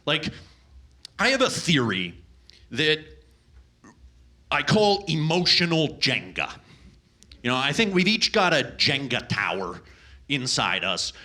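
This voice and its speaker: A man's voice: mid-range voice, bright, forceful tone. A man doing a stand-up comedy set on a club stage, ranting with exasperated, profane energy into a handheld microphone.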